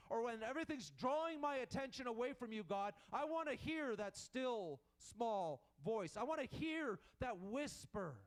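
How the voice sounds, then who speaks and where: A man preaching a sermon in an earnest manner, repeating and restarting as he builds his points. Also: very high-pitched.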